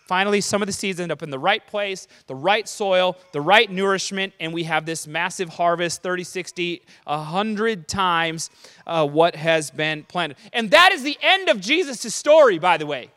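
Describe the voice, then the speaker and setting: Male preacher, very high and bright, animated and chatty, long hall reverb. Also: normal speed, clean tone. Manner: animated, checks in with listeners. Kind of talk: conversational sermon.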